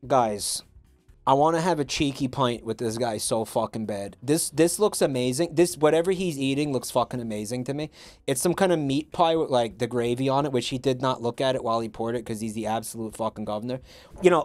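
A young man streaming a reaction video, talking in an excitable, sweary, rambling way with lots of restarts. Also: medium pitch, fairly quick, no echo, faint music behind.

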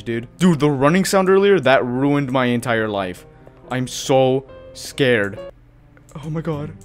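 A young man giving jumpy, excitable let's-play commentary on a horror game, swearing often and calling the viewer dude. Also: medium pitch. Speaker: gaming video creator. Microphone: headphones and desk mic.

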